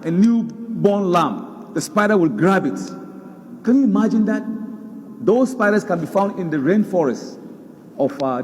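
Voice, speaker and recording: A man's voice: high-pitched, long reverb tail. A man preaching a sermon, emphatic, repeating words for stress. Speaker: Islamic preacher. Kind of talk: sermon lecture.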